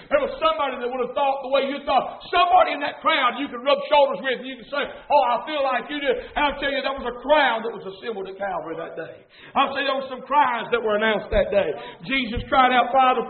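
A male preacher, delivering a fiery sermon that swings from shouted cadences to hushed passages. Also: very high-pitched. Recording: tinny phone-like sound.

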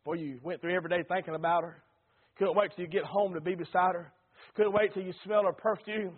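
A Southern preacher with a very high voice delivers a folksy sermon full of repeated refrains. He sounds middle-aged, and the recording is thin and tinny, like a phone line. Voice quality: folksy, repetitive preaching cadence. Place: church.

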